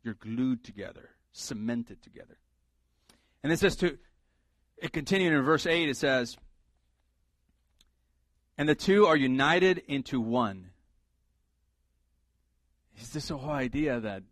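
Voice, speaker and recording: A man's voice: mid-range voice, fairly bright tone, no echo. Man preaching a casual, humorous sermon. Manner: conversational, humorous preaching with emphatic repetition. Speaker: pastor.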